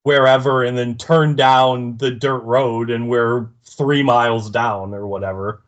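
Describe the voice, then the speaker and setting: A man's voice: mid-range voice, steady tone, unhurried, dull audio. A man co-hosting a TV recap podcast, laid-back, mostly chiming in with short agreements. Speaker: podcast co-host. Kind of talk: casual recap chat.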